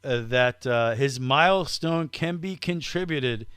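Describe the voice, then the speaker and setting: A man's voice: mid-range voice, unhurried, fairly bright tone, clean tone, dry recording, clean studio sound. A man hosting a casual comedy podcast, teasing his co-host and stringing out a story to build up the punchline.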